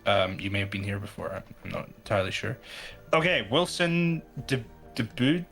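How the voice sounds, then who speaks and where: A man's voice: on the low side, very animated, normal speed, creaky, fairly bright tone, faint music behind. A man guest-hosting a live stream, talking casually and hesitantly with many restarts. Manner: hesitant, full of restarts, laughing easily. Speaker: guest co-host.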